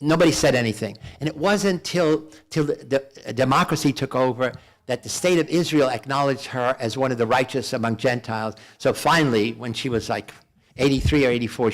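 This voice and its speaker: Halting older man telling a story. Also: medium pitch. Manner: halting, repeats and restarts words. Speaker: guest speaker. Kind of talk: storytelling lecture.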